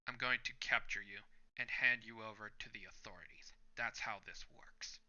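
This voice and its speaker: A man reading the lines of a cool, menacing young male hero in a flat, matter-of-fact voice. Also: lowish voice, normal speed. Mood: coldly calm. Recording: muffled lo-fi recording.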